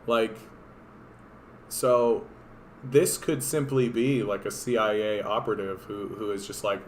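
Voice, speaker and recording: A man with a hoarse voice, giving rambling, sarcastic and profane political commentary on a casual livestream. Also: on the low side, fairly even intonation, a little slow, a little hiss or hum. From Canada. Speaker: political streamer.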